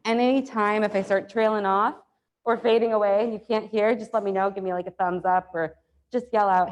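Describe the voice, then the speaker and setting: A woman with a hoarse, allergy-worn voice, teaching an exam review class in a chatty, upbeat way with many fillers. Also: mid-range voice, steady tone, brisk. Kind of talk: classroom lecture. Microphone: lapel mic.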